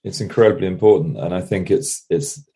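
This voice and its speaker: A man in casual conversation, often pausing and searching for words. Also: sits low, warm tone. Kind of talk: casual chat.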